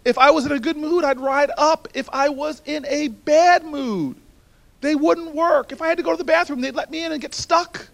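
A man tells a personal story to a crowd of students, animated and swinging from loud bursts to hushed earnest passages. His voice sits unusually high for a man and has a gravelly rasp underneath. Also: moderate pace. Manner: animated, building to shouts, then hushed and earnest. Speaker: speaker addressing a university audience. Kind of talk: storytelling speech.

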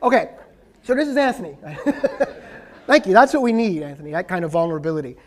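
The lecturer, a professor answering audience questions, speaks fairly quickly in a high-pitched, expressive voice. His points land with emphasis and frequently finish on a checking-in "right?".

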